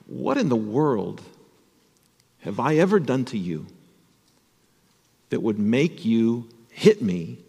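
A man voicing a bewildered male talking donkey that pleads with his rider in a high voice. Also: big pitch swings, slow pace, creaky, long pauses, mellow, breathy edge, big-room sound, exaggerated voice. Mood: hurt.

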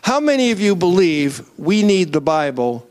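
A man preaching a sermon to a congregation in an animated way, asking for raised hands and building up to near-shouts. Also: high voice, normal speed, clean tone. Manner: asks the crowd to raise hands.

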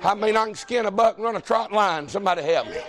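Man, pastor, very high voice, folksy sermon, shouting preacher. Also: fast, crowd noise. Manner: folksy, joking, builds to shouting.

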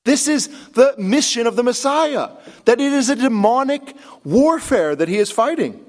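A man, a pastor, preaching a sermon with earnest, emphatic delivery, repeating key phrases and dropping to a low, hushed voice when quoting. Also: expressive, moderate pace. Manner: drops to a low, hushed voice to quote Jesus.

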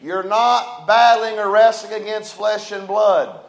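A male pastor, preaching a folksy, dynamic sermon that swings between loud and soft. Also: sits high, unhurried. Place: church sanctuary. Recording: echoey church room.

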